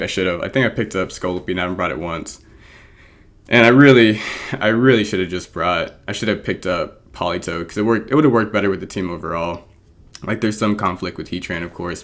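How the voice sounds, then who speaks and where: Low-voiced man rambling through game commentary. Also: a bit bright. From born in England, raised American. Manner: rambling, frequent ums, self-deprecating laughs. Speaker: draft league coach and video creator. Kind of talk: casual gameplay commentary.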